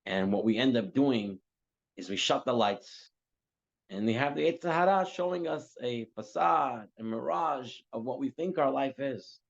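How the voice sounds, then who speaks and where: Man giving a religious class, animated storytelling, mid-pitched voice, muffled lo-fi sound. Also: normal speed, vocal fry. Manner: animated storytelling, acting out characters' lines. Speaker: teacher giving a Torah class. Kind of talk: storytelling sermon. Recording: dull lo-fi class recording.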